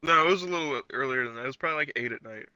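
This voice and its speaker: A man's voice: mid-range voice, rapid-fire, bright, forceful tone, smooth, no echo, lo-fi sound. A young man co-hosting a podcast, chiming in with blunt, crude remarks in casual chat. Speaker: podcast co-host.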